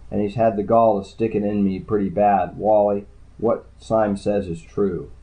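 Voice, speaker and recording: Man doing a gruff old dice watcher. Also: lowish voice, steady tone, normal speed, warm tone, lightly acted, rough recording. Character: gruff older bald male dice watcher.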